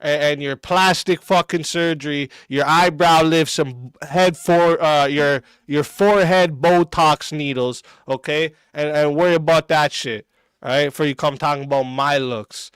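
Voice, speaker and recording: A man's voice: a little high, steady tone, measured pace, a bit bright, clean tone, no room sound. A man streaming a reaction and ranting back at a clip, aggressive and mocking, cursing constantly. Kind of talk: profane reaction rant.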